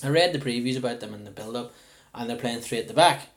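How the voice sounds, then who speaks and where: Fast-talking man hosting a football podcast. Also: mid-range voice. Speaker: podcast host. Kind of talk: casual football podcast chat.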